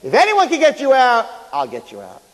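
A man's voice: high-pitched, animated, quick pace, a little mellow, voice pushed up. A man voicing the king's self-assured lawyer who boasts of his access. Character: confident male royal lawyer, golf buddy. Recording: echoey hall.

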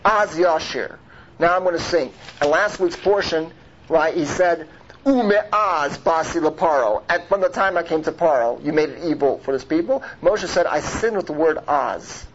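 A man with a fairly high voice teaches a Torah class at a moderate pace, mixing Hebrew terms into his English. He asks rhetorical questions and keeps checking in with listeners through "right?" and "okay?". The recording is muffled and lo-fi, with faint noise.

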